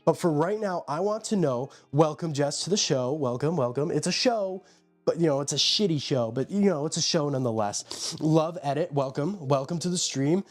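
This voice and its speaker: Streaming live from a room at home, this man chats casually and rambles while greeting viewers by name and showing off his pet enclosures. His voice is a little high with lively intonation and a normal pace, and soft music plays behind him.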